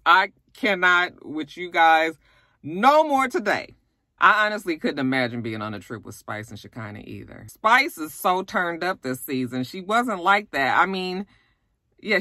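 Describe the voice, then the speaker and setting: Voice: medium pitch, bright, forceful tone, no room sound, studio quality. A YouTube host giving a casual, profane recap of a reality show, talking candidly to viewers. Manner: candid, blunt and profane, chatty asides to viewers.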